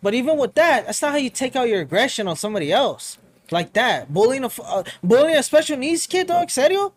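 A man's voice: very high voice, very animated, brisk, dry recording. A young man co-hosting a podcast, chatting casually, swearing often and calling people dog and fool. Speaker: podcast co-host. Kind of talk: casual chat.

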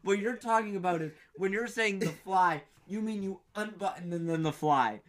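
A young man co-hosting a podcast, telling a story in animated, argumentative banter and laughing often. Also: high-pitched, moderate pace, crowd noise. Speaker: podcast co-host. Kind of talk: casual comedic banter.

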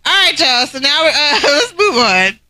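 Loud bright-voiced woman co-host joking crudely. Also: high-pitched, big pitch swings, normal speed, low-quality recording. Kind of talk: casual podcast banter.

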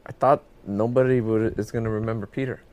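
A man co-hosting a casual movie podcast, talking in a relaxed, rambling way. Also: lowish voice, a little fast. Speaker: podcast co-host. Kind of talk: casual movie review chat.

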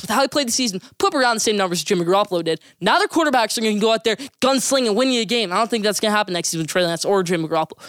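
An emphatic sports podcast host rattles off opinions and bold predictions at a breakneck clip. The voice sits in a middle pitch range. It sounds dry and close, with almost no room around it. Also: a bit bright, no room sound. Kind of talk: opinionated sports talk segments.

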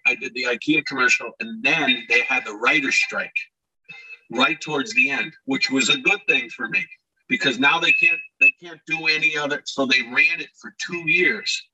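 A man with a very bright, somewhat husky voice tells his stories in a lively way and often restarts his sentences. He sounds a little distant from the mic, and his pitch sits a bit high. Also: moderate pace. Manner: animated, acts out shouted quotes, many restarts. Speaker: guest, former ballplayer telling stories. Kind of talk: casual storytelling interview.

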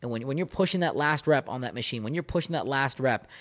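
Man, breakup coach, rapid-fire delivery, intense, emphatic, repeats lines for punch, talking into a mic. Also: mid-range voice, expressive. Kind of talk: motivational monologue. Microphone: studio microphone.

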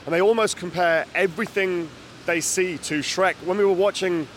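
A man with a slightly higher-than-usual voice hosts a podcast in relaxed conversation. He keeps a dry, understated tone and asks easygoing questions. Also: normal speed, slight background noise. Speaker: podcast host. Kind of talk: casual chat.

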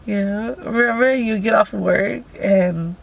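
Gravelly-voiced young woman, animated storyteller. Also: mid-range voice, measured pace. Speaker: podcast guest. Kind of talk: casual chat. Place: inside a parked car. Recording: faint background noise in a car.

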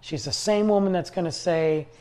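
A man's voice: high-pitched, normal speed, darkish tone. A man hosting a podcast, rambling along in casual conversational storytelling. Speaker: podcast host. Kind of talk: casual solo talk.

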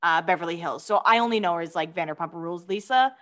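A woman's voice: lowish voice, fast talker, fairly bright tone. A young adult woman co-hosting a casual podcast, chatty and giggly, reading out gossip items. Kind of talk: casual chat.

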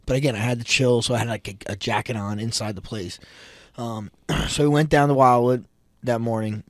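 A man, a wrestling coach hosting a casual chat, telling stories animatedly and acting out quotes with sudden loud outbursts. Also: medium pitch, fairly even intonation, brisk, no room sound. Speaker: podcast host, wrestling coach.

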